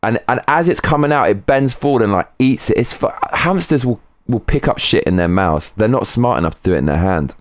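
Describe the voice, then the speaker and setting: A man's voice: medium pitch, expressive, fairly quick, hardly any pauses, no echo, clean studio sound. A man streaming live from home, chatting casually, rambling and swearing as he goes. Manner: rambling, swearing, breaks into sung snatches. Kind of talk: casual livestream chat.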